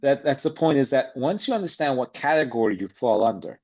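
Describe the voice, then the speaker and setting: A man's voice: mid-range voice, lively intonation, fairly quick, a little mellow. A man speaking as a podcast guest about acting, blunt and emphatic in a streetwise way. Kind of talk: casual interview chat. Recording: slightly dull lo-fi sound.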